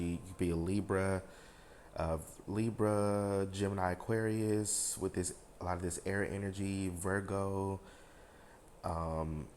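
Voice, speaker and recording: A man's voice: low-pitched, a little mellow, a little hiss or hum. A man giving a casual tarot reading to his viewers, rambling with lots of fillers and talking frankly, with a bit of swearing. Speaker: tarot reader.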